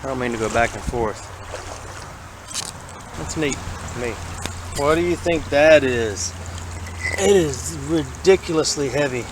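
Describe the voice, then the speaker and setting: Southern man, casual creek-walk narrator, rambling and folksy, clear water noise behind. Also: medium pitch, expressive, a little slow, long pauses. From Alabama. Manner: rambling, folksy, thinks aloud about his finds. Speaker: vlogger exploring a creek. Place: outdoors wading in a city creek. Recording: outdoor camera audio with running water.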